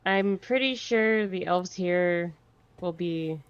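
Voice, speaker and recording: A woman's voice: lowish voice, takes it slowly, smooth, no room sound. A woman playing a tabletop game who talks in a playful, teasing way. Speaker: player. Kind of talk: casual tabletop play. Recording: muffled lo-fi audio.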